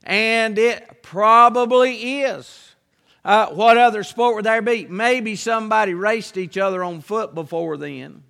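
Preacher guy, fairly high voice, plainspoken folksy sermon, leans hard on his points. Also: unhurried, creaky, bright, forceful tone. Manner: reverent low prayer that builds to an emphatic folksy preaching style.

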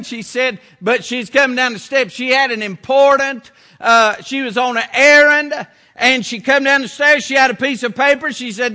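High-pitched, bright-voiced preacher man. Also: moderate pace. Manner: folksy, down-home preaching with repeated phrases. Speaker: pastor. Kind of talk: sermon.

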